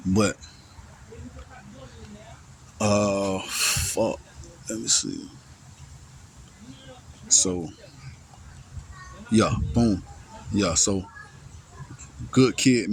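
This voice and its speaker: A man with a fairly low voice tells a long personal story in loose, profane street slang. He restarts his sentences often and keeps checking in with his listener. Faint noise sits behind his voice. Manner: rambling, with many restarts and repeated words. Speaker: storyteller recounting a personal ordeal. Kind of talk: casual first-person storytelling.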